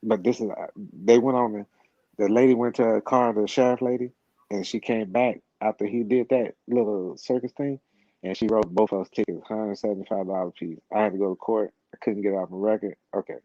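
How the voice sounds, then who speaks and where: Low, dark-voiced man rambling through a story. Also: fairly even intonation, brisk, dry recording. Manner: rambling, profane, repeats words and restarts often. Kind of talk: casual storytelling. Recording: slightly dull, lo-fi sound.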